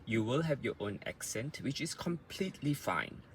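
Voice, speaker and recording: Speaking at a medium pitch in a sing-song way, an Australian-accented English coach patiently works through pronunciation, slowing down words to show their stress. There's slight background noise.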